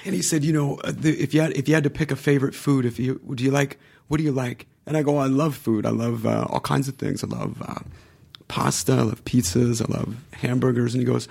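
A gravel-edged male voice, trailing into vocal fry, tells showbiz stories in a loose conversational chat. He is in his forties and jumps up in pitch to act out what others said, laughing as he goes. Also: fairly quick. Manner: lively storyteller, acts out quotes with raised pitch and laughs. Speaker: podcast guest, actor. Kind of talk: casual anecdotal chat.

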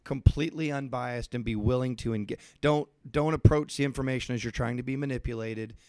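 A man's voice: medium pitch, brisk, a little mellow, clear, resonant tone, no room sound. A young man hosts a podcast interview, earnest and reflective, choosing his words with care. His voice sits in an ordinary middle register. The recording is dry and close. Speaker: podcast host. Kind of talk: casual interview talk.

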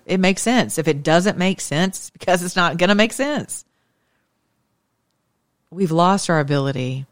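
A woman's voice: low-pitched, no echo, clean studio sound. A woman with a Southern accent hosting a faith talk show, joking and preaching with lots of rhetorical questions. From Southern United States. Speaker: show host.

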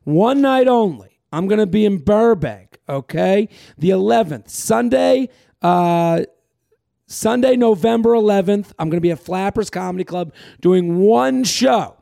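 Guy with a high raspy voice rambling on his podcast, crude jokes, lots of plugs, dry close sound. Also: lively intonation, unhurried, mellow, no room sound. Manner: rambling, crude joking, self-promoting. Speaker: podcast host and comedian. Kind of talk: casual podcast chat.

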